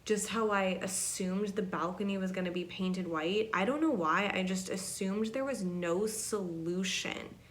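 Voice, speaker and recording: A woman's voice: mid-range voice, measured pace, hardly any pauses. A woman hosting her podcast, telling rambling stories in a chatty, casual way, full of "like" and "you know". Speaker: podcast host. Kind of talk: casual storytelling monologue.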